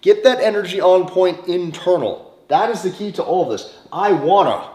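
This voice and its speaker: Man, fairly high voice, insistent coaching lecture, blunt and profane, roomy echo. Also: lively intonation, normal speed. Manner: forceful, repetitive, profane. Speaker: dating coach. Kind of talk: motivational lecture to camera.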